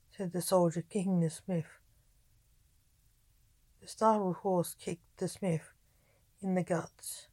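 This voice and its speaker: A woman reading a story aloud in a slow, measured storybook narration. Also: lowish voice, steady tone, warm tone, no echo, poor audio.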